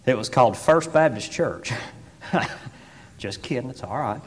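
Male preacher, animated folksy storyteller who drops to a hush then shouts; long church reverb. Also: medium pitch, a little slow. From Tennessee. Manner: swings from hushed asides to shouted exclamations; folksy, many fillers like "I mean" and "boy".

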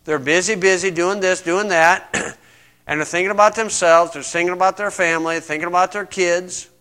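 A man preaching a conversational sermon, stressing points and reading scripture slowly. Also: sits high, steady tone, bright, forceful tone, clear, resonant tone. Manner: conversational, emphatic, reads scripture aloud slowly.

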